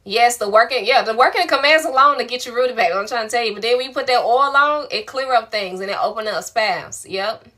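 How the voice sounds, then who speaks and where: Woman, spiritual coach, bright voice, warm slangy encouragement on a live stream. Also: a little high, brisk, few pauses. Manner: affectionate, colloquial, encouraging. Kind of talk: live-stream answering viewer questions.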